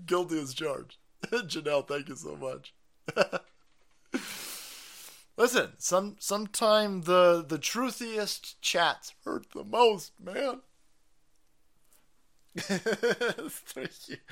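Animated, foul-mouthed man with a lively voice. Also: fairly high pitch, measured pace, pauses often. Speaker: live-stream host reading viewer chats. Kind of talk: casual profane rant.

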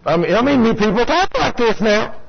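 A man's voice: very high-pitched, expressive, normal speed, gravelly. Folksy man preaching on lo-fi radio. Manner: folksy, talks straight to the congregation, acts out complainers. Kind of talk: sermon. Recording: lo-fi radio broadcast.

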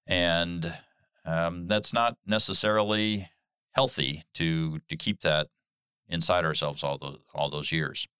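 Slow, deep-voiced man, crisp and dry. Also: steady tone, bright, forceful tone, no echo. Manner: slow, measured, thoughtful. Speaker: podcast co-host. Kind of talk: casual chat.

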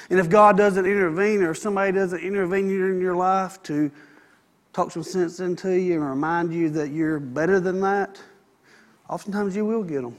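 A man preaching a sermon in a folksy, conversational way, with asides to the congregation. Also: fairly high pitch. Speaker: pastor.

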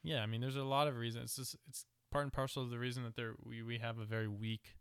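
A man's voice: mid-range voice, level tone, quick pace, fairly bright tone, clean tone, no room sound, clean studio sound. A young man co-hosting a podcast, talking in a sardonic, joking way with plenty of swearing. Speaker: podcast co-host. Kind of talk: casual political chat.

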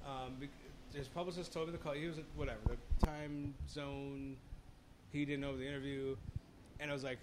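A man's voice: medium pitch, level tone, brisk, noisy background. A man in his thirties, a podcast co-host chatting casually, telling rambling stories and swearing freely. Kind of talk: casual chat.

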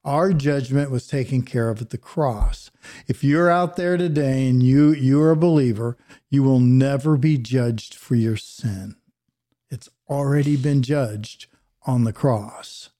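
Mellow-voiced man preaching earnestly. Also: mid-range voice, measured pace. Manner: earnest preaching, drops to a hush on solemn points. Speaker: pastor and podcast co-host. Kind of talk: verse-by-verse Bible teaching.

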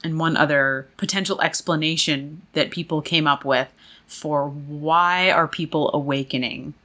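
A woman's voice: deep voice, a little slow, sharp tone. A woman hosting a casual podcast, explaining a story in a chatty, conversational way. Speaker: podcast host.

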